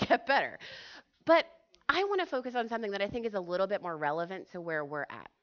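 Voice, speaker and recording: Female church speaker, chatty sermon delivery, fairly high voice, muffled lo-fi recording. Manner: chatty, animated, filler-heavy, asks the audience questions. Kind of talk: casual sermon to a church group. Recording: dull lo-fi recording.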